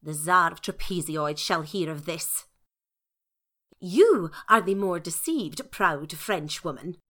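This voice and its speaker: A woman voicing a haughty, scheming noblewoman who speaks slowly and imperiously. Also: on the low side, sharp tone, heavily acted.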